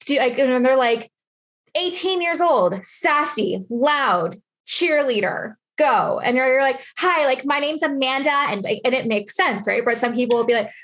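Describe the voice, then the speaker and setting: A woman's voice: on the high side, lively intonation, unhurried, fairly bright tone. A woman hosting a casual interview, chatty and rambling, saying "like" constantly. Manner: chatty, rambling, heavy use of "like". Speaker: interview host.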